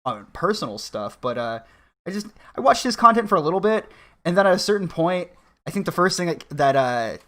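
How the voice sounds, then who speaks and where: A man's voice: sits high, big pitch swings, a little fast, fairly bright tone. A man guesting on a stream, chatting casually in an offhand, profane, hedging way. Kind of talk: casual podcast chat.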